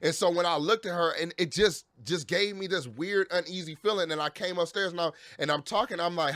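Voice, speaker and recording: A man's voice: sits high, fairly quick, hardly any pauses, a bit bright, no echo, studio quality. A man and father telling an angry, profane story as a vlogger, repeating and restarting his phrases as he vents. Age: adult with children.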